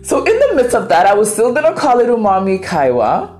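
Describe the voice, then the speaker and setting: A Ghanaian woman whose first language is Twi hosts a podcast, telling a story in a casual, dramatic, playful way and acting out quoted voices with animation. Her voice is medium-pitched and brisk, with soft music in the background.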